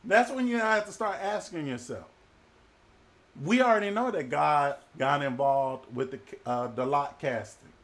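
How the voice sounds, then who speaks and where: A male preacher delivering a humorous, colloquial sermon with animated storytelling. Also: high-pitched, gravelly.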